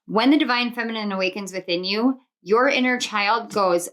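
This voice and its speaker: Speaking at a normal speed in a mid-range, slightly bright voice, a tarot reader offers a spiritual pick-a-card reading with slight background noise. Her tone is earnest and reassuring; she piles up affirmations in rhythmic lists and wanders into personal tangents.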